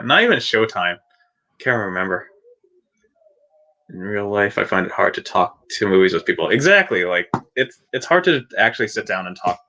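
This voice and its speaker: A man co-hosting a casual livestream chat about films and TV, rambling with frequent restarts and quick laughs. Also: on the low side, sharp tone. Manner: rambling, restarts often, laughs between points. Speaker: podcast co-host.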